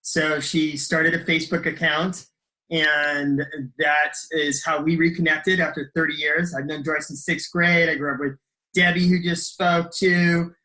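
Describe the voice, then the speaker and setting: A man's voice: fairly high pitch, flat delivery, unhurried, sharp tone, rough recording. A middle-aged man giving an enthusiastic motivational talk on a group call about his coaching business, rambling with fillers and restarts. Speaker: health coach sharing his story.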